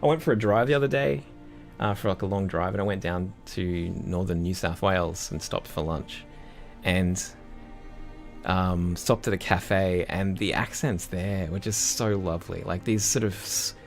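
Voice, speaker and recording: Gravelly laid-back Australian man. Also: low voice, moderate pace, soft background music. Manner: rambling, laid-back, laughs often, many fillers. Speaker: composer streaming live. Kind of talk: casual livestream chat reading viewer messages.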